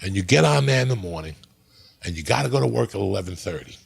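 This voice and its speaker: A man from New Jersey tells a story as a podcast guest, swearing freely and swinging his pitch all over. His voice is gravelly and husky. The delivery is loose and animated. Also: quick pace. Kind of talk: casual storytelling.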